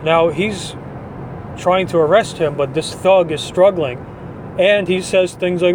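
Blunt ranting man, slightly high voice. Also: a little slow, slight background noise. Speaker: podcast host. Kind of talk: opinion monologue.

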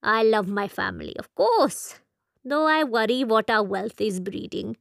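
A woman's voice: on the high side, animated, measured pace, creaky, no echo. A talkative old shopkeeper, put on by a woman narrator for an audiobook, with a genial, rambling way of speaking. His phrasing is formal and old-fashioned, delivered unhurriedly in a close, dry recording. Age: older. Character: elderly male Indian shopkeeper, wry and talkative. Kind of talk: audiobook character voice.

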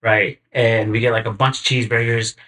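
A man guesting on a podcast, telling stories in a relaxed, slangy way. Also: mid-range voice, brisk. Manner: laid-back, slangy, acts out quotes in animated bursts. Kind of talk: casual chat, storytelling.

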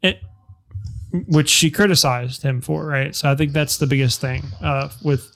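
Male podcast co-host, filler-heavy rambler, a bit higher pitched. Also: steady tone, normal speed, vocal fry, a bit bright. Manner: rambling, full of fillers and swearing. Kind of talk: casual political chat.

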